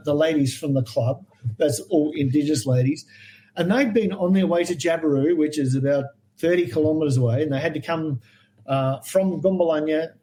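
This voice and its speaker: An Australian man telling animated stories as a guest in a podcast interview, acting out the voices of people he quotes. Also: on the high side, low-quality recording. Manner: animated anecdotal storyteller, acts out quoted voices. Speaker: guest herpetologist.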